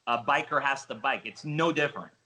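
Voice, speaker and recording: Jersey guy, middle-aged, excited storyteller, calls you buddy, punchy bright voice. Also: medium pitch, brisk, poor audio. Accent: New Jersey. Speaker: casino host trainer. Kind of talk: animated interview talk.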